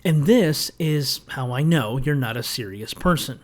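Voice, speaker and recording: A man's voice: medium pitch, lively intonation, measured pace. A man delivering a scripted rebuttal commentary, sarcastic and lecturing, with a pointed, explanatory manner. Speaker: video essayist.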